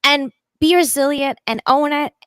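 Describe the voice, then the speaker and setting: Woman guest, fairly high voice, animated, enthusiastic, long flowing talk, dry close sound. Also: moderate pace, dry recording. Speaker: podcast guest. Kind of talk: casual interview talk.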